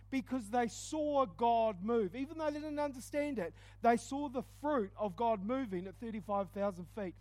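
A man delivers a lively storytelling sermon. His voice sits high for a man. He booms one moment and goes quiet the next. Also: dry recording. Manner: animated, swings from loud exclaims to hushed asides. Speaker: preacher.

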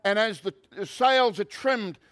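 A man pastor preaching a sermon, shifting from conversational asides to loud, emphatic preaching. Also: sits high, animated, measured pace.

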